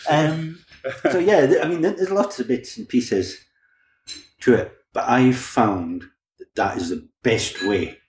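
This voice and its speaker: A man's voice: medium pitch, a little slow, a little mellow. A man, a crime novelist, chatting easily in a podcast interview and often restarting his words. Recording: roomy echo, faint background ambience.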